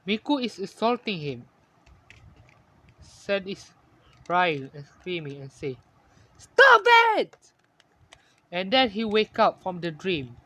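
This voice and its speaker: A man narrating a fan-made story in halting, ungrammatical English, often correcting himself. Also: sits high, lively intonation, a bit bright.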